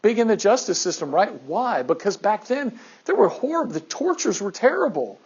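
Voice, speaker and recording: A man's voice: high voice, normal speed, slightly rough. Man teaching a class, lo-fi sound. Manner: animated, asks the class questions. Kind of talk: classroom lecture.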